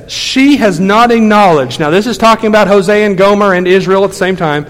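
A male pastor preaching a sermon, moving from quiet low asides to loud, forceful exhortation. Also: in a large hall.

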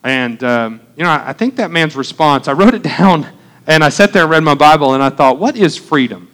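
A man from Oklahoma in his thirties, a pastor preaching a sermon in a relaxed, conversational way, with joking asides and frequent fillers and restarts. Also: a little high, fairly quick, smooth.

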